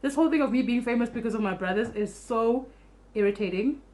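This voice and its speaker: Young woman vlogger, rapid animated storytelling, salty language, casual. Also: a little high. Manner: fast, animated storytelling, swears freely.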